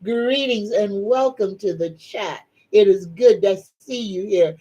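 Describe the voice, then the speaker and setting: A middle-aged woman, hosting a casual psychic livestream and greeting viewers in a slow, folksy, drawn-out way. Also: medium pitch, mellow, breathy edge, highs cut off. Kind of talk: casual live-stream chat.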